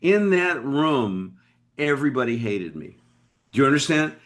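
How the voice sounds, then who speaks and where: A man's voice: medium pitch, big pitch swings. Emphatic man telling a story. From Boston, United States. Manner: emphatic, dramatic pauses, talks straight to the listener. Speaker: podcast guest, business leader. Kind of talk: animated storytelling.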